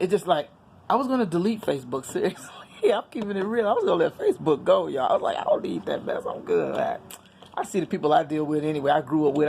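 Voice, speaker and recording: A woman's voice: sits low, a little mellow, a little hiss or hum. A middle-aged woman talking candidly and earnestly to her viewers in a casual personal vlog, preaching a little as she goes. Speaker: vlogger. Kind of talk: casual personal vlog on faith and current events.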